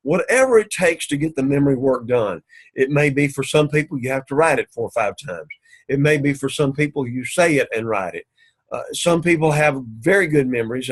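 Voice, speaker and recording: A man's voice: mid-range voice, low-quality recording. Methodical man teaching Greek. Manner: methodical, repeats "so again", slow careful Greek pronunciation. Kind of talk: recorded class lecture.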